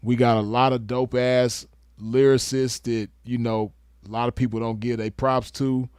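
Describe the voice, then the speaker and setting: A young man from the West Coast talks in a laid-back, slangy way, chuckling as he makes his case. His voice sits at a middle pitch, and the recording is dry and close with no room sound. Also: level tone, normal speed, a little mellow, clear, resonant tone, dry recording. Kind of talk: casual commentary.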